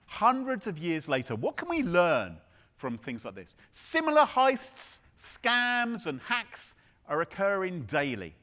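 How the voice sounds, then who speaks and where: A man delivers a comic keynote, spinning a story with theatrical asides and quick jokes. His voice sits a touch high and bright, swinging widely in pitch. He sounds like he is on a conference stage before a crowd. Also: wildly swooping pitch. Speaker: keynote speaker.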